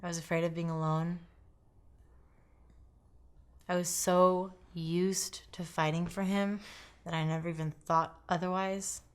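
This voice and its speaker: Young woman, low voice, halting and hushed. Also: little pitch movement, smooth. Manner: halting, quiet, often dropping toward a whisper. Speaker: interviewee. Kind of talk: documentary interview testimony.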